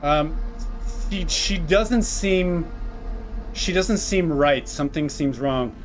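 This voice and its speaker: A man game master with a slightly raised voice narrates a tabletop horror session, rambling through descriptions and restarting his sentences. Faint music plays quietly behind him. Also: on the high side, slow pace.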